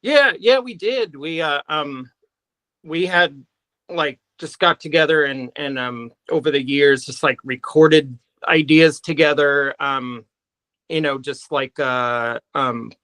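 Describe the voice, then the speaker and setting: A man, a guest musician, answering in a halting way full of pauses and restarts. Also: on the high side, fairly bright tone, no room sound, low-quality recording. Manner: halting, many fillers and restarts. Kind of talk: casual interview chat.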